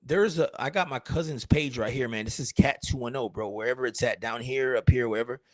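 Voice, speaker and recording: A man's voice: mid-range voice, fairly quick, no room sound. A man, a streamer and rapper, chatting casually in a rambling, crude, joking way. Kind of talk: casual livestream chat.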